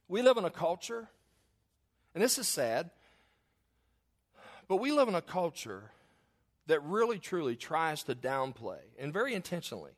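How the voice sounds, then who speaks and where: A middle-aged man pastor preaching a sermon, telling folksy family stories and acting out the quoted voices. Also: a little high.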